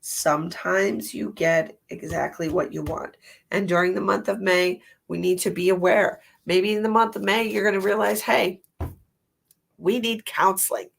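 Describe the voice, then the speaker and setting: A woman's voice: on the low side, steady tone, moderate pace, vocal fry. A woman hosting a psychic livestream, giving tarot readings and chatting casually with viewers, with a stuffy nose from allergies. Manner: chatty, rambling, laughs at herself.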